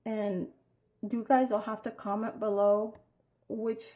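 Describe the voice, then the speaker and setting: A woman's voice: medium pitch, little pitch movement, slow, phone-quality sound. A woman giving a casual tarot reading to her viewers, talking in a chatty, rambling way and telling stories expressively. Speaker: tarot reader.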